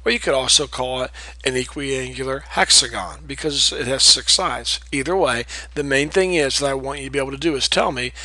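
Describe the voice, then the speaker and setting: Male teacher, bright tone, dry close sound, patient, repeats terms. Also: mid-range voice, brisk, dry recording, poor audio. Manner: patient, repeats key terms, checks in with "okay?". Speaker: math teacher. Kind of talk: recorded classroom lecture.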